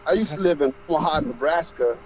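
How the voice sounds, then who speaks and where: A man's voice: fairly high pitch, animated, quick pace, dull audio. A man co-hosting a livestream, telling rambling personal anecdotes in casual chat. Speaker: livestream co-host.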